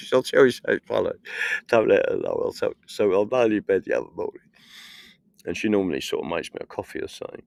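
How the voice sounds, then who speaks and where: This English political livestreamer, middle-aged, speaks quickly in a lowish, creaky, slightly mellow voice with big swings in pitch, and the recording has no room sound. Streaming casually from a festival field outdoors in the evening, he rambles through anecdotes, swears, and cracks himself up.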